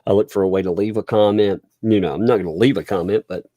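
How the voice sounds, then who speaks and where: A man's voice: fairly low pitch, steady tone, quick pace, dark tone, dry recording, studio quality. A man hosting a casual livestream commentary, chatty and laughing often as he talks. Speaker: livestream host.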